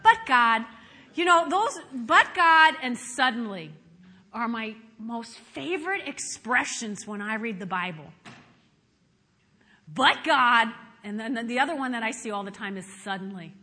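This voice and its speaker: A woman pastor preaching a sermon, telling stories in an animated way, moving from hushed asides to shouted praise. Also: on the high side, moderate pace. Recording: long hall reverb.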